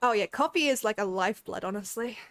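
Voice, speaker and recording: A woman's voice: mid-range voice, lively intonation, fast talker, a bit bright. A woman chatting casually on a game stream, rambling with lots of fillers and giggly asides.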